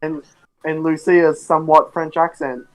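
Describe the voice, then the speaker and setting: A man chiming in on a live stream with offhand remarks. He pauses and fills gaps with "um" and "like" as he thinks. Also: on the high side, level tone, low-quality recording. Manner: offhand, hesitant, many fillers. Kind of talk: casual chat.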